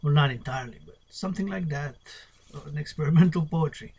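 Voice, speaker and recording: A man's voice: on the high side, fast talker, a little mellow, a little hiss or hum. A man reading a poetry glossary aloud, spelling out terms and improvising experimental poems, playful and drifting into murmurs. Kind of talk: solo spoken-word poetry lesson.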